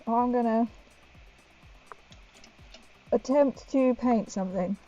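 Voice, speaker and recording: A woman's voice: fairly high pitch, darkish tone. Giggly woman streaming, muffled lo-fi sound. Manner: giggly, chatty, talks to viewers while working. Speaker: livestreamer painting miniatures. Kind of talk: casual live-stream chat. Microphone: wearing a helmet that muffles her voice. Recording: dull lo-fi stream audio with faint music.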